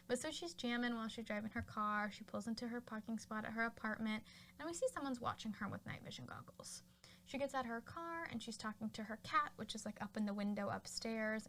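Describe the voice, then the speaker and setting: A woman's voice: on the high side, a bit bright, slight background noise. A woman hosting a podcast, casually retelling a film's plot with lots of fillers. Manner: chatty, full of fillers like "like" and "you know". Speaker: podcast host. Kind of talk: casual film recap.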